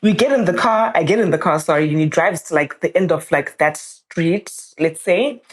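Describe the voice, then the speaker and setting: A young woman, a podcast guest telling a personal story in a casual, animated way, her voice jumping up whenever she quotes someone. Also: normal speed. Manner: animated, jumps up in pitch when quoting people.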